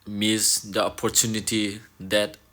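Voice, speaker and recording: A man's voice: lowish voice, little pitch movement, a little slow, bright, forceful tone. A young man vlogging from his room in an earnest, reflective way, often repeating himself and searching for words. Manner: earnest, repeats phrases, loose and searching wording. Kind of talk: casual reflective vlog talk.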